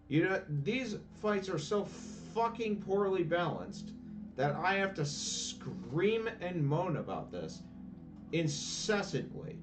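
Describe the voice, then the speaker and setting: A man's voice: fairly high pitch, sing-song, slow pace, distant mic, muffled recording. Ranting, profane man at a game. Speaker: gameplay commentator. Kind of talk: casual let's-play commentary. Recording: voice a bit off-mic, faint game music.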